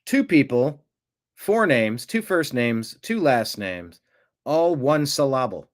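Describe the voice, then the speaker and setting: A man hosts a casual livestream, chatting through viewer comments in a rambling, jokey manner. He keeps interrupting himself mid-thought, and his voice sits at a plain middle pitch. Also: big pitch swings, takes it slowly. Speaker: livestream host.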